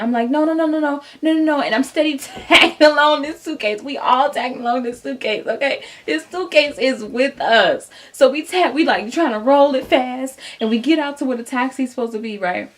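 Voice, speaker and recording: A young woman telling a casual storytime vlog straight to her viewers, animated and chatty, acting out what people said. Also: fairly high pitch. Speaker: vlogger.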